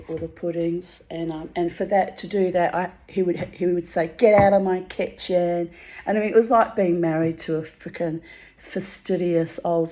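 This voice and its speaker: A woman's voice: lowish voice, mellow. A middle-aged woman, telling a personal story in a candid monologue, bluntly, with swearing and rambling asides.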